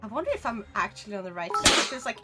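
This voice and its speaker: A young woman with a Swedish accent streams a game and chats casually and playfully with her viewers, bantering with chat and laughing quickly. Her medium-pitched voice is very animated, with loud music playing behind it.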